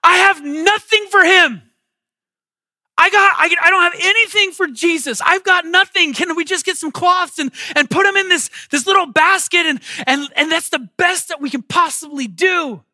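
Male preacher putting on an anxious young mother, pitched way up, bright and pleading. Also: normal speed, no echo, heavily acted. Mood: fretful. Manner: fretful, pleading. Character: anxious young mother fretting over her newborn.

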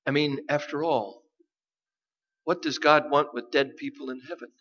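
A man preaching a sermon, deliberate and emphatic, with dramatic pauses. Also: on the high side, steady tone, a bit bright, dull audio. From United States. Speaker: pastor.

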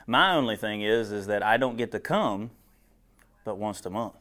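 A man's voice: lowish voice, moderate pace, a bit bright. Joking folksy preacher man. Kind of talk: casual preaching to a small group. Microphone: clip-on wire mic.

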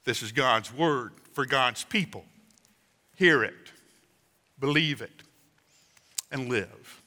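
A man's voice: medium pitch, slow pace, pushed and bright. A man in his sixties preaching a conversational sermon as pastor, acting out voices for emphasis. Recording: reverberant hall.

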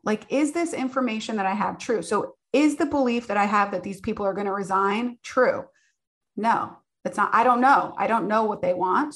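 A woman in her forties, a business owner, giving personal advice in an earnest, conversational way. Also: a little high. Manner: earnest, conversational, with many filler "like"s.

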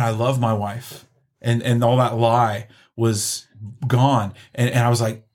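A middle-aged man giving an earnest, halting personal testimony, full of restarts. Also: medium pitch. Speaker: guest sharing testimony.

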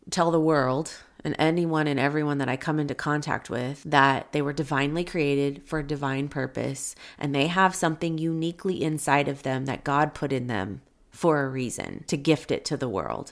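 A woman hosting a motivational podcast, telling a personal story in an earnest, encouraging way. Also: low-pitched. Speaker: podcast host.

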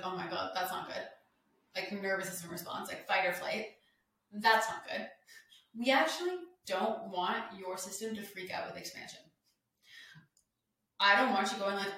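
A woman's voice: mid-range voice, pushed and bright, very echoey, far from the mic, poor audio. A young woman hosting a solo wellness podcast, talking casually and emphatically with lots of "like" fillers. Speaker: podcast host.

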